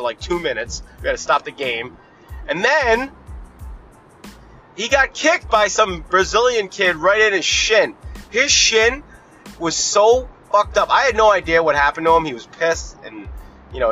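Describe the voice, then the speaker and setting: A man's voice: fairly high pitch, bright, forceful tone. A man hosting a podcast, talking casually from his car in a blunt, profane, rambling way. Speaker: podcast host. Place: in a car while driving.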